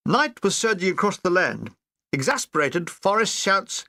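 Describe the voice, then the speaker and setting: A man's voice: high voice, big pitch swings, normal speed, bright, forceful tone, no room sound. A man reading a comic war memoir aloud with dry, wry storytelling. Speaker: audiobook reader.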